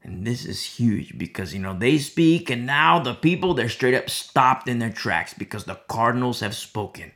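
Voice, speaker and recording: A man's voice: medium pitch, animated, normal speed, few pauses, a bit bright. A man giving a conversational verse-by-verse sermon as a Bible teacher. He is emphatic, repeats key phrases and drops many "you know" asides.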